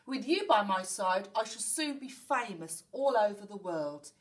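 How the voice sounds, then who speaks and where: A bossy pirate captain bellows his orders, as a woman reading a storybook puts him on. His voice swings widely and stays loud and impatient. It sounds a little distant from the mic. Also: mid-range voice, animated, a little slow, lightly acted. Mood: bossy roaring.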